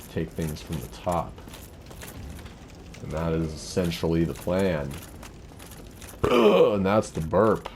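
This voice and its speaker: Male let's-play host, low voice, loose off-topic patter, faint background noise. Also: a little mellow. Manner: rambling, off-topic, swears casually. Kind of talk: casual gameplay commentary.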